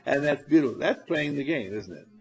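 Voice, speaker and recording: A man leading a spiritual seminar, coaxing and animated, who addresses his listeners directly and laughs often. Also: mid-range voice, brisk, a crowd in the background, rough recording. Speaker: seminar leader. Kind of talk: spiritual seminar talk to a group.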